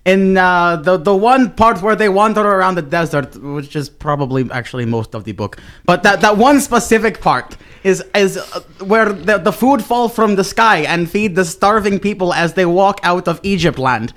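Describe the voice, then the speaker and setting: A man's voice: high voice, big pitch swings, brisk, fairly bright tone, full character voice. A man playing a pompous foreign dictator of a potato cult who speaks in broken English. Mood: zealous. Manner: broken English, zealous and blunt. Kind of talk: improvised comedy sketch.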